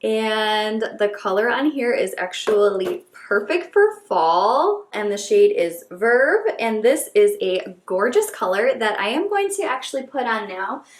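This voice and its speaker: Woman beauty vlogger, gushing and gasping, unhurried delivery, roomy echo. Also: mid-range voice. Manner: gushing, gasping, repeats herself excitedly. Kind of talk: excited unboxing chat.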